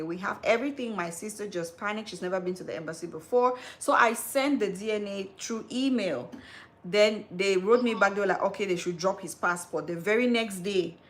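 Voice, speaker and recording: A woman in her thirties hosting a live stream, telling a personal story in an animated, chatty way. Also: medium pitch. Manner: animated storytelling, calls listener "girl". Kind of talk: casual live-stream chat.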